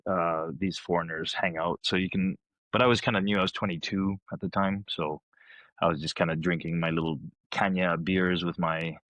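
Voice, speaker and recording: A man in his fifties, a podcast guest telling stories in a lively way and acting out the people he quotes. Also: low voice, normal speed, no room sound. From Canada. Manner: animated storyteller who acts out quoted people. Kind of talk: casual storytelling.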